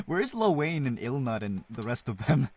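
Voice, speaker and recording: Animated streamer reading a game story. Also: medium pitch, normal speed, slightly rough, no room sound. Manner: animated, laughs often, emotional reactions. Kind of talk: live-streamed game playthrough with commentary.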